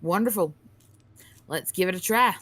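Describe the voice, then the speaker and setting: A woman's voice: fairly low pitch, moderate pace, fairly bright tone. A woman playing a tabletop role-playing game in character, sly and teasing. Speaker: player.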